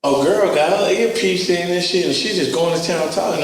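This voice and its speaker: A middle-aged man, telling animated, profane stories in a casual interview. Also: high-pitched, a little fast, few pauses, background noise. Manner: animated, profane street storytelling, acts out voices. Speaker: interview guest. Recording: echoey room, mic at a distance.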